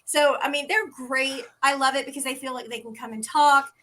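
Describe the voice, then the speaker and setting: A woman speaks as a guest in a relaxed interview, her voice bright and a little high. She tells stories with energy and slips into the voices of the people she quotes. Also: brisk. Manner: animated, acts out quoted dialogue. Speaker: interview guest, teen podcast organizer. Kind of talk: casual interview storytelling. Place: at home.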